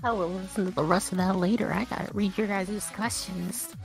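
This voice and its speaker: A woman's voice: mid-range voice, fairly even intonation, a little fast, vocal fry, faint music behind, poor audio. A woman co-hosting a game studio stream in casual chat, giggly and jokey. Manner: giggly, jokey, laughs often.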